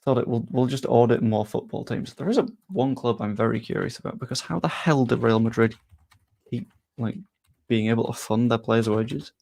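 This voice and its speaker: A man hosting a football channel, chatting casually as he answers viewer questions with quick asides. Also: medium pitch, creaky, a little mellow. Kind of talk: casual live-stream Q&A.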